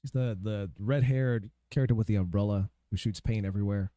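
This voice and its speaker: A man's voice: on the low side, fairly quick, warm tone, no echo, studio quality. A man giving casual, profane commentary while playing a game, ranting and talking to himself. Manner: ranting, swears freely, talks to himself while searching. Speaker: gaming video creator.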